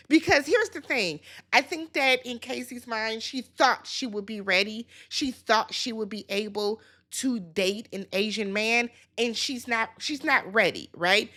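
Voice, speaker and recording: A woman hosting a casual reality-TV recap, chatty and animated, talking straight to her viewers. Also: on the high side, unhurried. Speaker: YouTube reality-show recap host.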